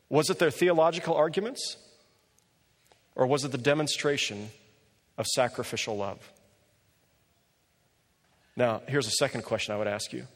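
Pastor preaching in a reverberant hall. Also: male voice. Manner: animated storytelling, rising pitch on quoted lines. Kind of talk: sermon storytelling. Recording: long reverb of a large hall.

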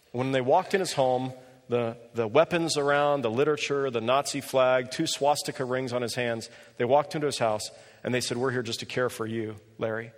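A man preaching a sermon and telling a story with animated delivery, often rising in pitch when he quotes people. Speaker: pastor. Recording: long reverb of a large hall.

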